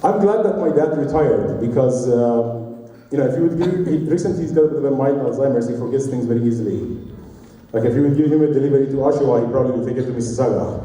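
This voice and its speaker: A man's voice: medium pitch, fast talker, mellow. Forties male emcee, stand-up patter, heard far off through a long hall reverb with faint room ambience. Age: 40s. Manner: joking, self-mocking. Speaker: event emcee. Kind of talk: stand-up comedy hosting. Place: large party hall. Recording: distant, roomy hall recording.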